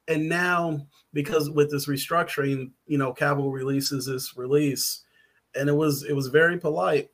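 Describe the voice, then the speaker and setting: A man's voice: a little high, steady tone, moderate pace, fairly bright tone. A man, a writer guest on a podcast, talking casually in a rambling, hesitant way with many fillers and restarts.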